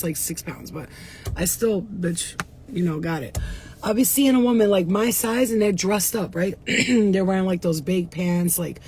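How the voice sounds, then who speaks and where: Field: chatty spiritual woman vlogger, rough voice. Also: mid-range voice, warm tone. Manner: chatty, repetitive, swears casually, greets viewers. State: voice roughened, coughing. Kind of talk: casual spiritual talk to viewers.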